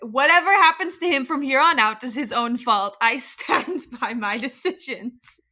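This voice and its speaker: A woman's voice: sits high, moderate pace, sharp tone. A woman playing a tabletop game who talks playfully and laughs often. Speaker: player. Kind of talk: casual tabletop play.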